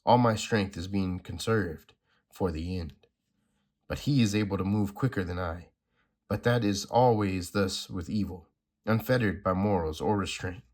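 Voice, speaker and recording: A man reading a comic aloud, voicing an ancient, dying cosmic guardian in a measured, grave way. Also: low voice, darkish tone.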